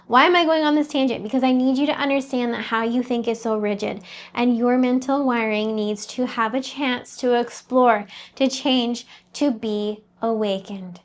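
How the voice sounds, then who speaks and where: A woman's voice: on the high side, fairly even intonation, normal speed. A woman talking as a mindset coach, giving an earnest, conversational motivational talk straight to the listener.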